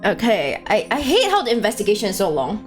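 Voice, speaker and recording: A woman chatting casually on a live stream, animated and rambling, breaking into frequent laughter. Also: medium pitch, fast, faint music behind.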